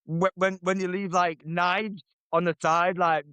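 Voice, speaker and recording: A man jokes with his brothers on a podcast, his voice sitting a little high. He laughs as he tells a crude family story. The recording is close and dry. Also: little pitch movement, unhurried, bright, forceful tone, clear, resonant tone, no echo. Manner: cheeky, laughing banter. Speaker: podcast co-host. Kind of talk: casual chat.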